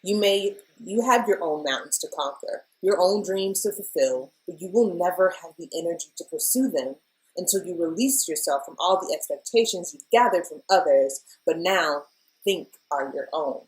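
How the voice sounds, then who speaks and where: A woman's voice: lowish voice, animated, normal speed, poor audio. A woman in her thirties giving a casual weekly tarot reading, chatty and emotional, often calling her viewers "y'all". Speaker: tarot reader.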